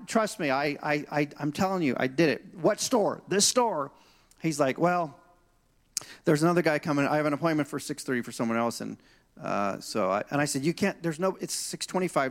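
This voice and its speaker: Animated pastor telling stories. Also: male voice, a little high. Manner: animated, acts out dialogue in his anecdotes. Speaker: senior pastor. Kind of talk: storytelling sermon. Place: church stage.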